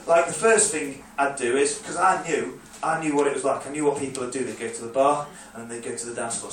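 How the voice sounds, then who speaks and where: Man, stand-up storyteller, higher voice, caught on a phone from far back in a very echoey club. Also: slight background noise. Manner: rambling storytelling, acts out drunk clubbers in shouted bursts. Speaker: stand-up comedian. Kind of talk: stand-up comedy set. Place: comedy club stage, live audience. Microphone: phone recording from the audience.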